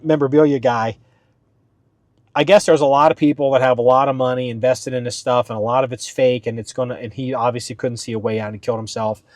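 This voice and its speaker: A man hosting his own podcast in a casual, rambling way, with frequent fillers and restarts, pitching his voice up a little for the show. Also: dry recording. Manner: talks slightly up for the podcast. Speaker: podcast host. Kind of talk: casual solo podcast talk.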